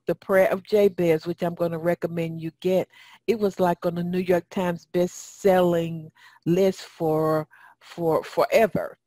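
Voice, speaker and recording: Lady host doing a prayer teaching, kinda low voice, repeats lines for emphasis, talks right to the listener. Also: warm tone, dry recording. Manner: preachy, repeats phrases for emphasis; addresses listeners directly. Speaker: radio talk show host. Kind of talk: spoken teaching.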